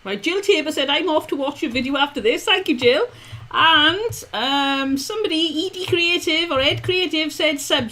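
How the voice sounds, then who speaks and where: High-voiced woman reading out comments. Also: moderate pace, bright, forceful tone. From England. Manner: cheerful, reads viewer comments, lots of short agreements. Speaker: co-host of a live stream. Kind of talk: casual live-stream chat.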